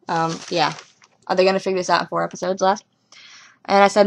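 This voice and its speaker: A woman's voice: mid-range voice, fast, gravelly, pauses often. Rambling young woman vlogging at home. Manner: rambling, giggly, animated asides. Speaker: vlogger reviewing a TV episode. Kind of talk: casual rambling chat.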